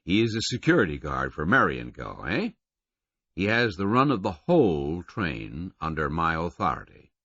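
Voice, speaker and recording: A man's voice: low-pitched, big pitch swings, fairly bright tone, breathy edge, no echo, highs cut off, exaggerated voice. George Burley, a wry, easygoing train conductor voiced by a man. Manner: drawn-out, wry, ends statements with a questioning "eh". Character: bulky middle-aged male train conductor, ironic and easygoing.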